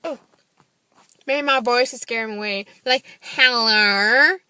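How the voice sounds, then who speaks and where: A woman's voice: a little high, fast, sharp tone, clear, resonant tone, no echo. A young woman telling a story to camera in a casual vlog, blunt and swearing freely, acting out the texts in quoted voices. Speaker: vlogger.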